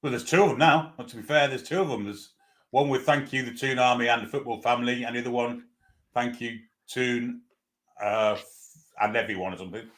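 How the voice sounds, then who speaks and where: A man's voice: mid-range voice, brisk, a bit bright. A man co-hosting a live football fan stream, chatting casually and restarting his phrases. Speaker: co-host.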